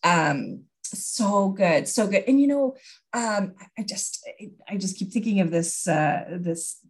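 A woman from Canada speaks as the guest expert in a conversational podcast interview. She tells stories in an animated way and acts out the dialogue. Her voice sits in a middle pitch range. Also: unhurried, breathy edge.

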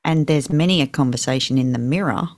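A woman's voice: very deep voice, fast talker, darkish tone. A woman co-hosting a podcast in casual chat, self-mocking and laughing at herself. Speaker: podcast co-host.

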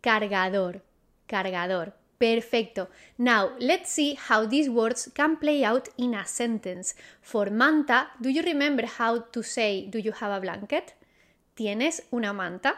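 Slow, patient woman teaching vocabulary. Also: on the high side, a bit bright. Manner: repeats each word, quizzes the listener, patient and encouraging. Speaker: Spanish teacher. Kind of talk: slow, clear vocabulary lesson.

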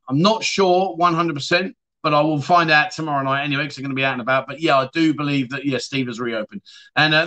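A man hosting a casual livestream chat show, rambling warmly and reading viewer comments aloud with friendly asides. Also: fairly high pitch. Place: lives abroad in Thailand.

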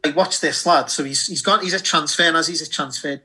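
A man, telling a sweary, animated story in a casual chat. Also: fairly high pitch, fast talker, husky. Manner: animated, sweary, acts out voices in anecdotes. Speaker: podcast co-host.

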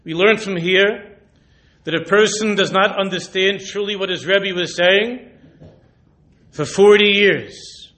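A rabbi gives a Torah lecture in a voice that sits a little high for a man. He weaves Hebrew and Yiddish terms through his English and presses his listeners with searching rhetorical questions. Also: slow. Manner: drops to a hushed, intimate voice when retelling a story. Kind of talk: sermon.

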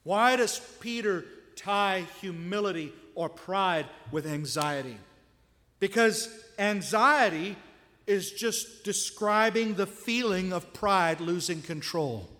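High-voiced, slow-speaking male preacher. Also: sharp tone, long reverb tail. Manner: conversational, asks the listeners rhetorical questions. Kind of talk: sermon.

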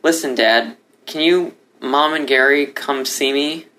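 A man's voice: medium pitch, unhurried, sharp tone, voice pushed up. A man voicing a sick young male fox who pleads in a voice strained with emotion. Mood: pleading.

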